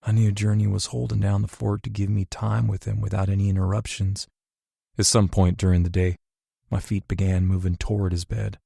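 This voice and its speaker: A man reading first-person scripted narration in a measured, emotional way. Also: lowish voice, flat delivery, creaky, mellow, husky, dry recording, clean studio sound. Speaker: audiobook narrator.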